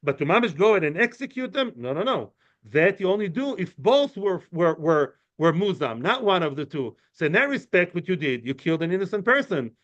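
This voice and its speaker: Male teacher, high-pitched, conversational and digressive, dull low-fi recording. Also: big pitch swings, brisk, fairly bright tone. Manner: chatty, explains with many fillers and asides; answers questions from students. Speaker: Talmud teacher. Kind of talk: informal study-class lecture. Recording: muffled lo-fi recording.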